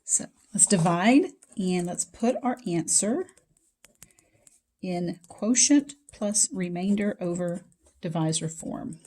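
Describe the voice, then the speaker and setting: A woman's voice: fairly low pitch, lively intonation, takes it slowly, mellow. A woman teaching math in a casual recorded lecture, talking straight to her students in a chatty way from her home basement. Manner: chatty, talks to students directly.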